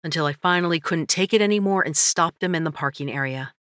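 A woman narrating a first-person audiobook in a measured, introspective way. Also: sits low, a bit bright, dry recording, studio quality.

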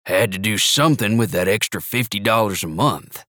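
A boastful, cheerful old grandfather, delighted with himself, in a voice a little raised above the reader's own low tone, as a male narrator plays him. The sound is dry and close, with no room around it. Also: normal speed, fairly bright tone, no echo, natural voice. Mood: proud. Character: proud cheerful elderly grandfather. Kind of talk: audiobook character voice.

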